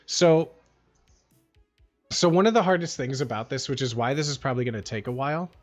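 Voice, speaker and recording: A man's voice: medium pitch, animated, brisk. A man chatting casually on a livestream, rambling and slangy and full of "like" and "bro.". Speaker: livestream streamer. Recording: dull lo-fi sound with faint music.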